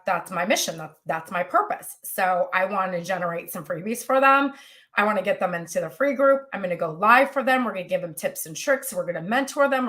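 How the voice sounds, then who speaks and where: A woman business coach, teaching in a chatty, animated way during a live coaching session. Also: mid-range voice. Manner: chatty, animated, says y'all.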